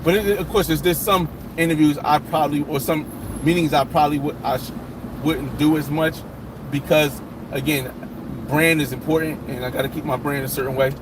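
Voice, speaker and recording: A man's voice: a little high, steady tone, fairly quick, background noise. A man hosting a casual live chat, rambling with many restarts and fillers.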